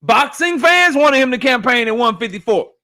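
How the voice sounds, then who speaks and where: A man's voice: very high-pitched, lively intonation, normal speed, pushed and bright. A man hosting a casual boxing livestream, ranting animatedly and profanely while reading chat messages.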